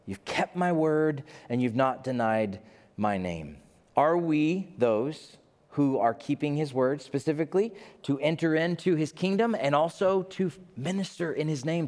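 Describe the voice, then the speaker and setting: A pastor in his fifties preaching a sermon, animated and acting out the voices he quotes. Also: fairly high pitch, a little slow. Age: 50s. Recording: long reverb of a large hall.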